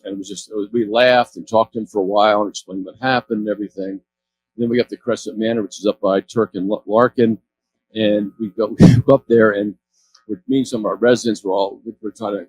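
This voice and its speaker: A man's voice: on the low side, brisk, darkish tone, a little hiss or hum, rough recording. A man in his sixties giving a talk about community work, telling stories in a rambling, self-correcting way with chuckles. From California. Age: 60s. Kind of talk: storytelling talk. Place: event stage.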